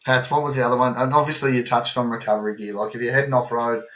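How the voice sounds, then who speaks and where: A man with an Australian accent co-hosting a podcast, telling animated travel stories in casual chat and swearing freely. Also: mid-range voice, quick pace. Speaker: podcast co-host. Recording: roomy echo.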